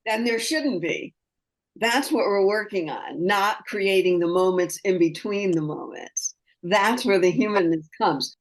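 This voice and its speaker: A woman hosting a spiritual podcast, talking with a client over a video call in a slow, searching way that trails off between phrases. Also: mid-range voice, expressive. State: tearful, crying. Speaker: spirit messenger, podcast host. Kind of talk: spiritual conversation, channeling.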